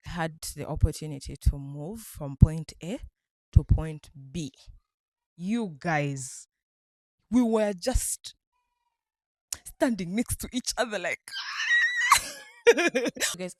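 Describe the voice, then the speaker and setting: A woman vlogger from Uganda excitedly retelling a night out, laughing often as she talks. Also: on the low side, no room sound, clean studio sound. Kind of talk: casual storytelling vlog.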